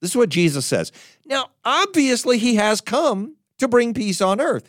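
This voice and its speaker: A man preaching a sermon, emphatic and animated, often stumbling and restarting his words. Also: extremely high pitch, moderate pace, no room sound, studio quality. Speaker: pastor.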